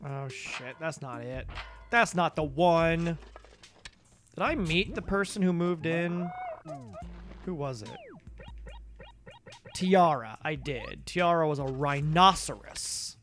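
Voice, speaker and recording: A man's voice: a little high, slow, long pauses, a bit bright, faint music behind. A tired man rambling through casual gameplay commentary on a stream, goofy and profane, talking mostly to himself. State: tired, yawning.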